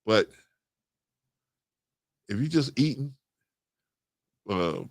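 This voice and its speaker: A middle-aged man, hosting a casual livestream, reading chat and getting animated as he agrees. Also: very slow, no echo, studio quality. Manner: animated, rising to excited high pitch when agreeing. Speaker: host.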